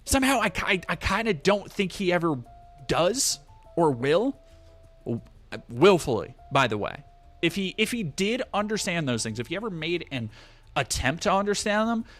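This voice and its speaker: A man's voice: high-pitched, sing-song, measured pace, pauses often, fairly bright tone, soft background music. A man streaming a game and commenting in a sarcastic, ranting, profane tone.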